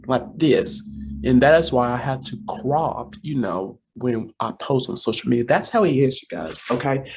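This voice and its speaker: Casting: young man in his twenties, unhurried delivery, playful rambling vlogger tone, keeps addressing the viewers. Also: medium pitch. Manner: rambling, repeats himself, often addresses "you guys"; playful, teasing then apologetic. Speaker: vlogger and talk show co-host. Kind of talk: casual talk to camera.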